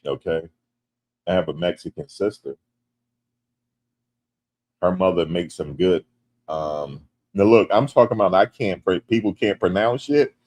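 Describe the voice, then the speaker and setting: Deep-voiced joking American man streaming. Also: measured pace, long pauses. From United States. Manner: animated and joking, rising loud when teased. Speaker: livestream host. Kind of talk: casual livestream chat, reading comments.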